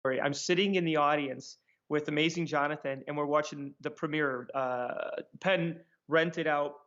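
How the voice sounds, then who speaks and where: A man telling sarcastic, animated anecdotes as a guest in a casual interview. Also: on the high side, moderate pace, highs cut off. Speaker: magician guest.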